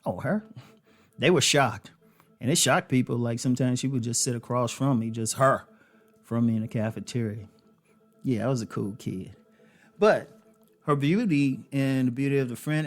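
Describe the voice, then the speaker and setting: Man, casual advice talk, storytelling, mid pitch. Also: normal speed. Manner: conversational, storytelling, frequent fillers and laughs. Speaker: host.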